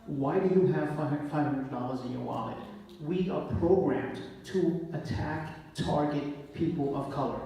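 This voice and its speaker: A police officer, talking emotionally and apologetically on a live panel. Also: male voice, on the high side, mellow. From the Bronx, New York. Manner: emotional, apologetic, rapid bursts. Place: event hall. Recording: echoey hall, distant mic, faint hiss.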